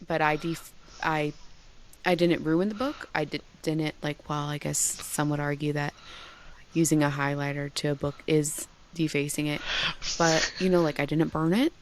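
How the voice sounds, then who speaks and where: A woman's voice: sits low, steady tone, moderate pace, slight background noise. A woman in her forties, a bookstore founder and podcast guest, telling stories animatedly, swearing and acting out quoted dialogue. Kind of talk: casual podcast chat.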